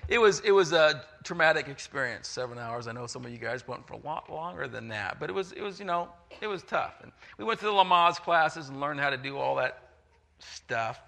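A middle-aged man preaching a sermon, telling a story with lively acted-out voices. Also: a little high, fairly quick, gravelly. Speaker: pastor.

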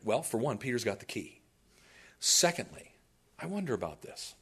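Animated preacher man giving a sermon. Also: medium pitch, moderate pace, gravelly, pauses often, husky. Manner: animated storytelling with asides to the congregation. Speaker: pastor.

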